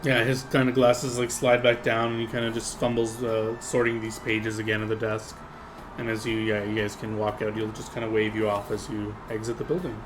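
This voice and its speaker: A man's voice: mid-range voice, background noise. A man narrating as game master in a casual, rambling way with lots of fillers.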